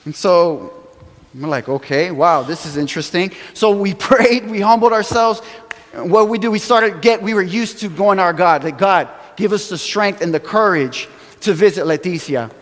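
A man preaching a sermon, telling stories with animated acted-out quotes and chuckles, from a church sanctuary. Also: high-pitched, normal speed. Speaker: pastor. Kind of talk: sermon storytelling. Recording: long hall reverb.

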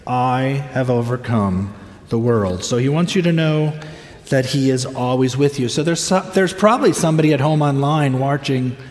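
An older man preaching a sermon as a pastor, slow and earnest, stretching his words with long pauses. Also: on the high side. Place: church sanctuary. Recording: echoey hall, voice from a distance.

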